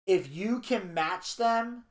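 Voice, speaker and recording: A man co-hosting a podcast, reading a narration aloud and retelling scenes in a crude, animated way. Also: high-pitched, slow. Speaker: podcast co-host. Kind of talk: casual podcast chat, reading a documentary narration. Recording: echoey room.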